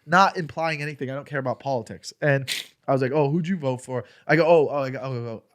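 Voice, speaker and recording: Speaking quickly in a mid-range voice, this male comedian is a podcast guest spinning a profane, animated tale. He plays out both sides of an argument as he goes.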